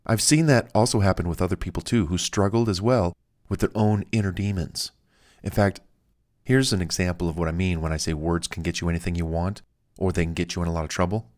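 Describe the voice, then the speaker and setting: A man's voice: low voice, steady tone, brisk, darkish tone. A man narrating a self-help audiobook in a casual, anecdotal way, with fillers and the odd chuckle.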